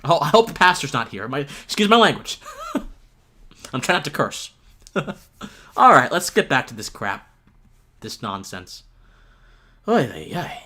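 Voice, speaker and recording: A man's voice: medium pitch, wildly swooping pitch, a little slow, long pauses, sharp tone. A man streaming live, reacting to a video with exasperated ranting and frequent laughter.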